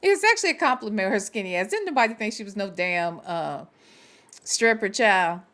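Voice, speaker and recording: A woman's voice: mid-range voice, lively intonation, fairly quick, fairly bright tone. A woman hosting a livestream show, chatting casually and answering viewer comments in a blunt, profane way. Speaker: show host.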